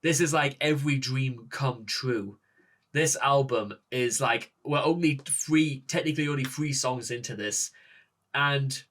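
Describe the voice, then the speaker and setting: A man with a Northern English accent hosting a music reaction video, gushing and halting, with many restarts and rhetorical questions. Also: medium pitch, a bit bright. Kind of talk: excited reaction talk to camera.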